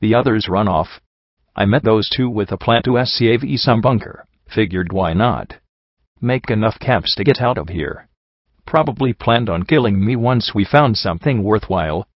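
A man's voice: lowish voice, moderate pace, dry recording, lightly acted. A man voicing a bitter, injured young female pony who talks in blunt, folksy backwoods grammar, in a dull, slightly muffled recording.

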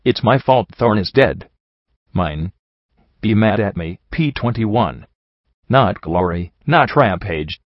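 A man voicing Blackjack, a hoarse guilty mare. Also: lowish voice, expressive, slow pace, no echo, highs cut off. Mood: grim. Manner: rasping and firm. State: hoarse, with a bruised throat. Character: hoarse, guilt-ridden young mare, the story's teller.

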